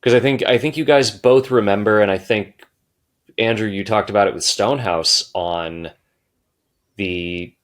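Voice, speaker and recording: A man's voice: on the low side, measured pace. A man, a podcast guest, reflecting casually on a past film viewing and swearing now and then.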